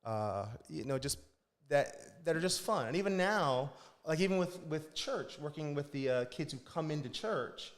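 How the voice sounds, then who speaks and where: A man's voice: a little high, lively intonation, moderate pace. A man who directs a church kids ministry, telling stories in casual podcast chat and acting out children's voices. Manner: storytelling, acts out kids' voices. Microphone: podcast studio mic.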